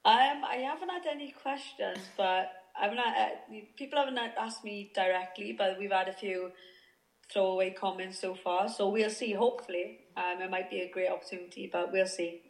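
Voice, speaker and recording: A Welsh footballer in her thirties speaks as a guest in a remote interview chat, hesitant, with many fillers and restarts. Her mid-range voice moves at normal speed, and the sound is roomy.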